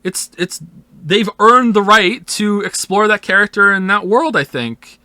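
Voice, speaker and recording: His voice sits high and sounds pushed and bright, and he takes his time on this dry recording. As he responds to viewers in a casual stream, he rambles with emphatic profanity and now and then performs imagined voices in quotes.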